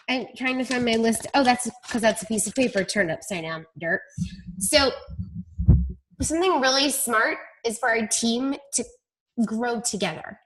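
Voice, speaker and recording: Woman, team leader, casual storytelling on a group call, self-deprecating, fairly high voice. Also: fairly bright tone.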